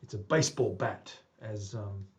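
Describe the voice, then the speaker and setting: A man's voice: on the low side, moderate pace. A man with an Australian accent, a guitar maker chatting to himself and his viewers as he works in a workshop, muttering under his breath with asides to the audience. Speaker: guitar maker live-streaming a build. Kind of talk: casual live-stream narration while working. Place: woodworking workshop. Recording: distant voice in a workshop.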